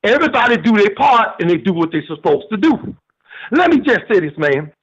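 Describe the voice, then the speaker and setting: Man, older, southern accent, folksy caller, husky, muffled phone. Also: high-pitched, sing-song, fairly quick. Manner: folksy, repeats "man" and "let me tell you", sermon-like. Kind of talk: phone-in preaching-style rant.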